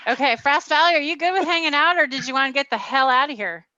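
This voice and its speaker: Woman, chatty guest host, high and bright, muffled call audio. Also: quick pace, a little hiss or hum. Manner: chatty, laughs easily. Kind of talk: casual chat on a live stream.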